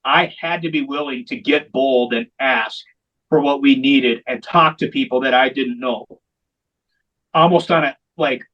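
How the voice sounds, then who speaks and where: A man's voice: medium pitch, unhurried, a bit bright, highs cut off. A man who founded a veterans hockey program, telling its story in an interview with candid, emphatic repetition. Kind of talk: long-form interview storytelling.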